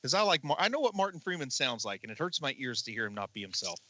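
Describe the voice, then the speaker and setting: A man co-hosting a movie podcast, chatting casually and voicing strong, animated opinions. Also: medium pitch. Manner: animated, opinionated, quick jokes. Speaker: podcast co-host.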